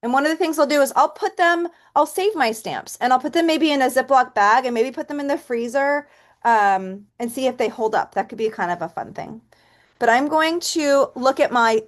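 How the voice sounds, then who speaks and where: A fairly high-voiced woman leads a relaxed painting lesson in an easy, chatty tone. She thinks aloud as she works and drops to a soft count while stamping. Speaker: painting instructor. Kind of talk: relaxed step-by-step art tutorial.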